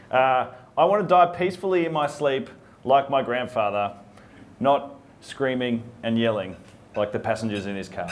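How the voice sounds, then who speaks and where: A man's voice: medium pitch, moderate pace. A male guest comedian, delivering one-liners awkwardly and laughing mid-sentence. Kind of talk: self-deprecating one-liners. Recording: noisy room ambience.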